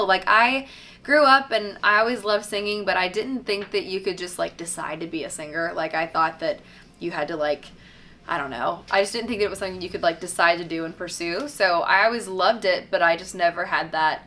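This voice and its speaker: Bright-voiced chatty woman from Tennessee. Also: lowish voice, normal speed. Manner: chatty and upbeat, many fillers like "um" and "like". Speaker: singer answering fan questions. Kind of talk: casual fan Q&A.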